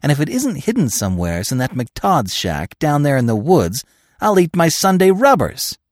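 A male narrator voicing an excitable American woman crook who is overwrought and shrill. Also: normal speed, no echo, studio quality. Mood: frantic.

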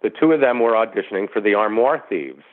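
Brief: low-pitched male actor, lively anecdote teller, tinny phone-line sound. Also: fast talker. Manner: animated storyteller who acts out quoted voices. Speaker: actor guest. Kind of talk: storytelling interview anecdote.

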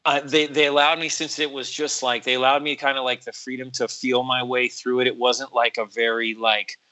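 A man in casual conversation, telling a long story. His voice sits mid-pitch with a bright, forward tone. He keeps it animated, full of "like" and "bro", and acts out what others said. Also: fairly quick, poor audio.

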